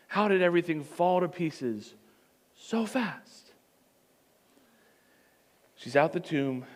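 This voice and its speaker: A man preaching a sermon as pastor, telling the story in an animated way with comic asides. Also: mid-range voice.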